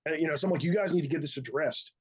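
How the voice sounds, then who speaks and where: A man on a call, talking eagerly and haltingly, often repeating words as he tells his story. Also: on the high side, low-quality recording. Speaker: call participant, IT business owner. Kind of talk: casual conversation.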